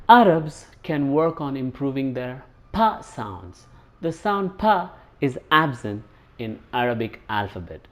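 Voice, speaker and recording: A man with an Indian English accent teaching a pronunciation lesson, explaining points and demonstrating sounds slowly. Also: on the high side, big pitch swings. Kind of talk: scripted lesson narration.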